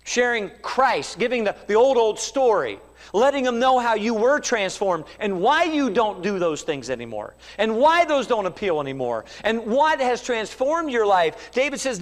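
High-voiced fervent male preacher, hall reverb. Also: very animated, moderate pace, fairly bright tone. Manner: fervent preaching with rhetorical questions and acted quotes. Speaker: pastor. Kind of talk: sermon.

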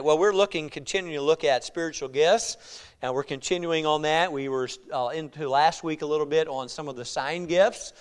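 A male pastor preaching a sermon in a joking, conversational way, swinging from hushed asides to loud emphasis. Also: on the high side, clean tone.

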